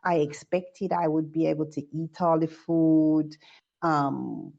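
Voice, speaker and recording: A woman's voice: sits low, fairly even intonation, slow pace, gravelly, darkish tone. A woman from the United Kingdom, a guest sharing reflective stories in casual chat. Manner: reflective, storytelling. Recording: dull lo-fi audio.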